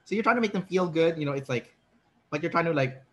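A man with a slightly raised pitch hosts a relaxed interview. He explains his concepts patiently and now and then voices quick example lines to make his point. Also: highs cut off. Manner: explanatory, acts out short sample lines. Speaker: interviewer, personality trainer. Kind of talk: casual interview conversation.

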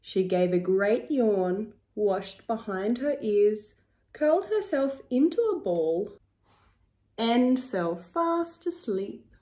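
A woman reads a children's picture book aloud, slow and rhythmic. Her slightly high voice rises and falls a lot. The recording has a roomy echo. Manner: slow, expressive, rhythmic reading. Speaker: storyteller. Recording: echoey room.

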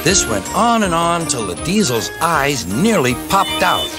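Lively man reading a storybook. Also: a little high, unhurried, hardly any pauses. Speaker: narrator. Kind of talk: storybook narration. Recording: music playing behind.

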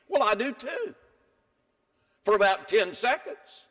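Emphatic high-voiced older preacher. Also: male voice, lively intonation, unhurried. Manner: dramatic swings between hushed and emphatic. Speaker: pastor. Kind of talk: sermon. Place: church sanctuary.

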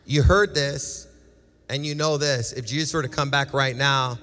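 A man's voice: mid-range voice, steady tone, moderate pace, bright, forceful tone. A male pastor preaching a passionate sermon and altar call, pleading with his listeners and acting out their voices. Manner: passionate, repetitive exhortation with acted quotes. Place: large church sanctuary. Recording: reverberant church hall with music.

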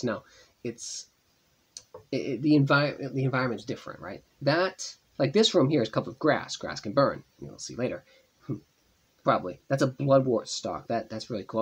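A gaming channel host casually comments on his tablet gameplay in a voice-over, chatty and rambling as he thinks aloud. His voice is mid-range with a breathy edge.

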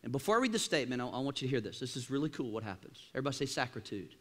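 A man preaching a sermon in a church, animated, with sudden loud bursts and quieter asides. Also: mid-range voice, very fast. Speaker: pastor. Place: church auditorium.

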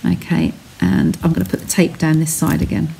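A woman's voice: sits low, big pitch swings, brisk, gravelly, dark tone, slight background noise. Chatty woman demonstrating crafts. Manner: chatty, reassuring, talks through each step. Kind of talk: live-stream craft tutorial. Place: home craft studio.

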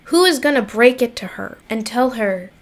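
A woman's voice: a little high, expressive, moderate pace. A woman giving blunt, exasperated, swear-filled commentary on recorded call clips. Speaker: commentary YouTuber.

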